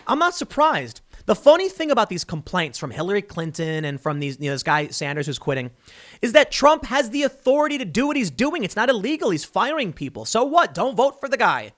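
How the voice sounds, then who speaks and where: A man's voice: high-pitched, a bit bright. A man hosting solo political commentary, reading news clippings aloud and reacting with emphatic, sarcastic remarks.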